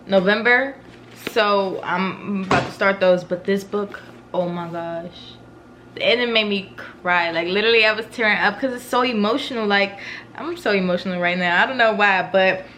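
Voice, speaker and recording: A woman's voice: medium pitch, fairly bright tone, a little hiss or hum. A young woman in her twenties from Maryland, chatting to camera in a gushing, casual vlog style. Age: 20s. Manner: chatty and gushing, lots of "like" and "y'all". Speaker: vlogger. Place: home, then a car.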